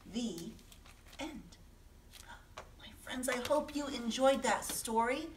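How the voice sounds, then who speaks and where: A woman, a children's librarian, reading a picture book aloud gently and asking the listening children questions. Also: fairly high pitch, lively intonation, slow pace, pauses often, slight background noise. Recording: echoey room, voice from a distance.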